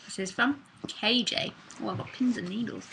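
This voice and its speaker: A woman's voice: on the high side, normal speed, creaky, pushed and bright, slight background noise. A woman with an English accent, a spiritual teacher casually reading and answering listener questions, thinking aloud with rhetorical questions. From England. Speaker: spiritual teacher hosting live talks.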